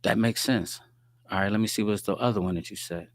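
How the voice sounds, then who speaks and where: A man's voice: fairly low pitch, fairly quick, no room sound, clean studio sound. A middle-aged man, hosting a casual talk stream, telling stories in slang and reading viewer comments. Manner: streetwise slang, storytelling, frequent "you dig what I'm saying". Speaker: host.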